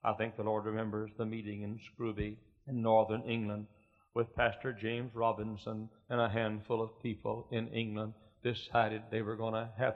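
Middle-aged pastor, folksy sermon voice that builds to loud preaching, dull lo-fi recording. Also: male voice, on the low side. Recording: muffled lo-fi recording.

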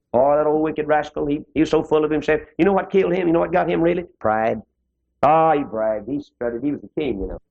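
Gravelly preacher, old lo-fi tape. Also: male voice. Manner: folksy preaching with sudden pitch swings. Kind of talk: sermon. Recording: dull lo-fi old sermon tape.

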